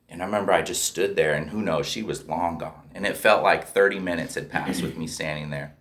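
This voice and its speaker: A man's voice: low-pitched, fairly quick, hardly any pauses, fairly bright tone. A man telling his recovery story in a candid, profane way, often checking in with "right?". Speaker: speaker sharing a recovery story. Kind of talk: personal storytelling.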